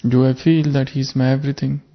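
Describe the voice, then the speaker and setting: The recording is muffled and lo-fi, capturing a man at medium pitch who speaks briskly with little pitch movement. He is a spiritual teacher offering an earnest, reflective sermon with a parable, full of searching rhetorical questions for his listeners.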